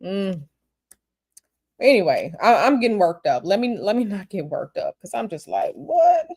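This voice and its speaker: A woman reading tarot on a livestream, answering viewer questions in a blunt, animated, repetitive way. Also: mid-range voice, moderate pace, breathy edge. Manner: blunt, animated, repeats herself. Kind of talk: casual livestream chat.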